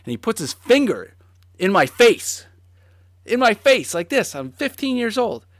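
A man's voice: high voice, unhurried, dry recording. Casual man telling a story, dry sound. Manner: animated, swearing, lots of fillers.

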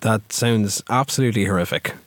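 A man's voice: lowish voice, fairly quick, no room sound. A man co-hosting a podcast, giving frustrated, sweary commentary on his own video game match. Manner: exasperated, sweary. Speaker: podcast co-host.

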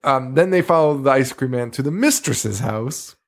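A man's voice: mid-range voice, expressive, moderate pace, creaky. A man co-hosting a podcast, rambling through a movie review in casual chat and swearing freely in exasperated, sarcastic asides. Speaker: podcast co-host.

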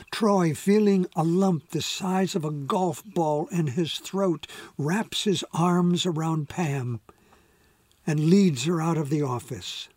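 A man narrating an audiobook in a measured, gentle storytelling manner. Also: fairly high pitch, breathy edge, no echo. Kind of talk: scripted narration.

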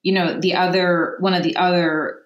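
A woman's voice: lowish voice, level tone, normal speed, lo-fi sound. A woman psychologist chatting on a podcast, thinking aloud and often checking in with "right?". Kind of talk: casual podcast discussion. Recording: echoey room.

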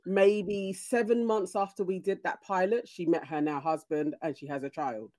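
A woman's voice: on the low side, normal speed, warm tone. A British woman hosting a panel chat, giving earnest, encouraging advice.

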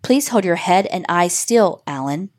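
A calm alien guide of a virtual reality headset in a horror story reading, spoken by a woman. It issues flat, instructive commands in a lowish, even voice. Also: unhurried.

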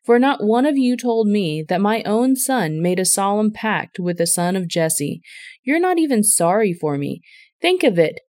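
A woman voicing an angry, paranoid male king who shouts accusations at his men. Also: mid-range voice, sing-song, normal speed, no echo, studio quality, close to an everyday voice. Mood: furious.

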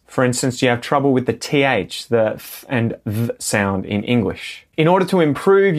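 An Australian man co-hosting an English-learning podcast, explaining pronunciation tips in a clear, steady way. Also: mid-range voice. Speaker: podcast co-host and English teacher. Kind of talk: podcast lesson talk.

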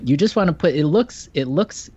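A man co-hosting a podcast in casual chat, slipping in wry, deadpan jokes while questioning the guest. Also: on the high side, normal speed, breathy edge, dull audio. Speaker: podcast co-host.

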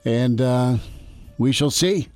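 A man's voice: mid-range voice, takes it slowly, darkish tone, no echo, faint music behind. A man hosting sports talk radio, casual and joking, with many fillers. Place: radio studio.

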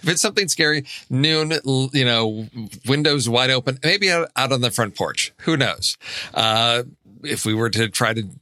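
A man's voice: medium pitch, lively intonation, normal speed, bright, forceful tone, dry recording. A man co-hosting a casual movie podcast, talking in a rambling way with many restarts. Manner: rambling, restarts, frequent laughs. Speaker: podcast co-host.

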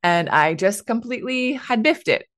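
A woman's voice: fairly high pitch, animated, normal speed, a bit bright. A woman in her thirties hosting a casual solo podcast, chatty and candid, laughing often and sprinkling in "like" and "right.". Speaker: podcast host.

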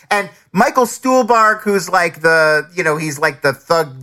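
A podcast co-host in casual review chat, talking in quick bursts full of fillers and restarts. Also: mid-range voice, fairly even intonation, bright, forceful tone.

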